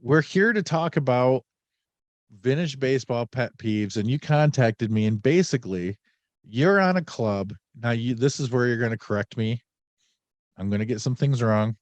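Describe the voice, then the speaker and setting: A man's voice: mid-range voice, animated, moderate pace, no echo, muffled recording. A man hosting a podcast in casual chat, a little under the weather, rambling and joking with many fillers. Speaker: podcast host.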